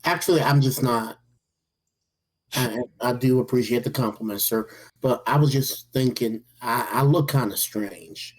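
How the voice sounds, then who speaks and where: A man's voice: medium pitch, a little slow, low-quality recording. Hesitant, dry male player. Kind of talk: casual tabletop game chat.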